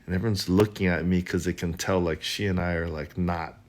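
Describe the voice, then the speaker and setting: Hawaiian guy, real low voice, telling a funny story from when he was young, kinda wry. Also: fairly quick. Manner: animated, wry, laughs while telling. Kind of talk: storytelling monologue.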